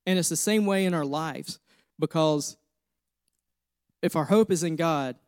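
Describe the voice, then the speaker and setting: A man's voice: fairly high pitch, measured pace, darkish tone, clean tone, no room sound, studio quality. A man in his thirties preaching a sermon, earnest and personal, repeating phrases as he tells his own story. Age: 30s. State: emotional, near tears. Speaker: pastor.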